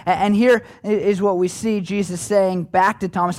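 A man's voice: sits high, fairly even intonation, moderate pace, few pauses, darkish tone. A man preaching a sermon in a conversational, folksy way with playful asides. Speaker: pastor.

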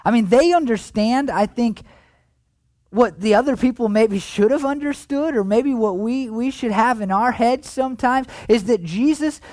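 A man preaching a sermon as pastor, in a conversational way that swings between animated emphasis and hushed, tender passages. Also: very high-pitched, moderate pace, dry recording.

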